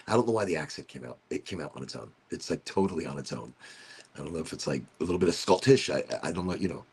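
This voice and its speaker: A man's voice: rumbling low, lively intonation, racing, a little mellow, husky. A man hosting a casual livestream chat, rambling from topic to topic and losing his thread. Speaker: host of a livestream talk show.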